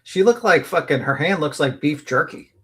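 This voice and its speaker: A man's voice: on the high side, expressive, fairly bright tone. Crude joking man on a gossip stream. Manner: crude, slangy, quick with jokes. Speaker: livestream co-host. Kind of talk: casual gossip chat.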